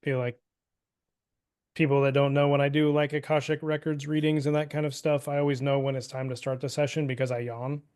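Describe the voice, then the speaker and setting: A man co-hosting a casual spiritual podcast, talking in a relaxed, loose way. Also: on the high side, fairly quick, clear, resonant tone. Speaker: podcast co-host. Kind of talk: casual chat.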